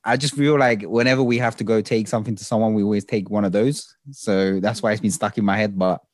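A man's voice: on the low side, quick pace, dry recording, studio quality. A young man co-hosting a podcast, chatty and jokey, telling stories in a casual chat. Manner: chatty, jokey, animated storyteller. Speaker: podcast co-host.

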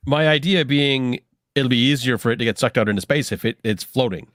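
A man's voice: medium pitch, fairly quick, fairly bright tone, no room sound, clean studio sound. A man playing a tabletop role-playing game, chatty and laughing often. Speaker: player.

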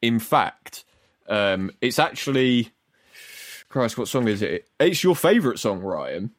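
A man hosting a casual podcast, animated and sweary as he tells stories. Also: medium pitch, takes it slowly, no room sound, studio quality. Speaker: podcast host. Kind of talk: casual chat.

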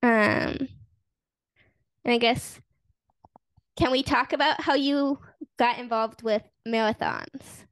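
A woman's voice: fairly high pitch, steady tone, takes it slowly, long pauses, no room sound. A woman hosting a podcast, asking a guest a question hesitantly. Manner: hesitant, searching for words. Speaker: podcast host. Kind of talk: casual interview questions.

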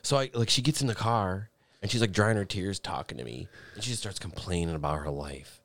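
A man's voice: deep voice, a little fast, fairly bright tone, dry recording. A man telling a long, rambling, profane story in a casual chat with friends.

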